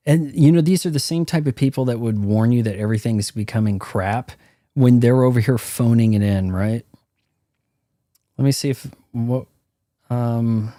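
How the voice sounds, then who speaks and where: A streamer rants through his gameplay commentary, profane and opinionated. His voice is mellow and dark, and it sounds dry and close. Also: medium pitch, no echo. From United States.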